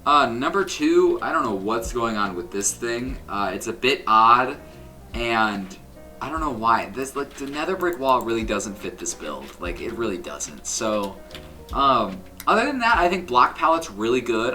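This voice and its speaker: A man's voice: mid-range voice, lively intonation, moderate pace, pushed and bright, soft background music. A young man casually commenting on his old game builds in a rambling, self-critical way, full of ums and likes. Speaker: Minecraft builder and YouTuber.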